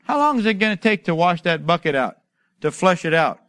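A man preaching a sermon, telling stories and asking rhetorical questions, building to loud, emphatic exhortation. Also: sits high, sing-song, a little fast, dry recording, studio quality. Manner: storytelling with acted asides and rhetorical questions. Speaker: pastor.

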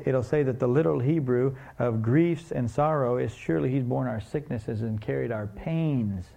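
A man's voice: mid-range voice, creaky, warm tone. A man preaching a sermon, telling a story and asking the congregation questions in a conversational way.

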